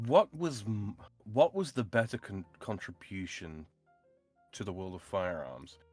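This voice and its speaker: A man's voice: fairly low pitch, big pitch swings, unhurried, a little mellow, no echo, faint music behind. A man co-hosting a casual chat, teasing with playful questions.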